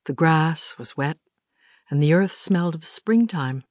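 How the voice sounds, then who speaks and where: Woman narrator with a very low voice. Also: expressive, measured pace, darkish tone, no room sound, studio quality. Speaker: audiobook narrator. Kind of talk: scripted audiobook narration.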